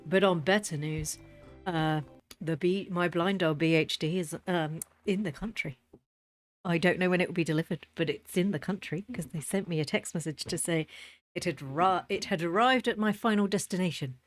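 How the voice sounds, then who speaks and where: Chatty British mum, low voice. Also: female voice. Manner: rambling, chatty, quick to laugh. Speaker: gaming vlogger. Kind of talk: casual chat over gameplay. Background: faint game music.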